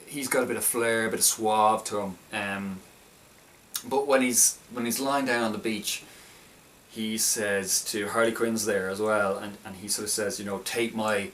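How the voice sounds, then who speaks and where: A man's voice: lowish voice, fairly even intonation, normal speed, fairly bright tone, far from the mic, slight background noise. A man casually reviewing a film, talking in a hesitant, stop-start way with many restarts.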